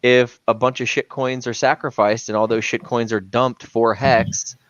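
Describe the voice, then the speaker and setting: A man's voice: mid-range voice, level tone, moderate pace, dry recording. Guy hyping on a livestream, dry dull sound, keeps saying man. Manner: emphatic, says "man" a lot. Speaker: crypto livestream co-host. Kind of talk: casual livestream chat.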